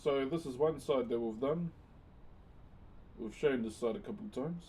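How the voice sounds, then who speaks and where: A man's voice: mid-range voice, normal speed, mellow, slight background noise. A man chatting casually on a live stream, thanking viewers by name and using Maori words. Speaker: live streamer and wood carver.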